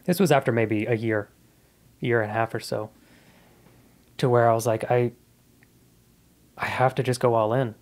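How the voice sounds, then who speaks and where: A man's voice: medium pitch, steady tone, moderate pace, long pauses, a little mellow. A man in his thirties, a comedian guest on a podcast, telling his life story in a casual, earnest and reflective way.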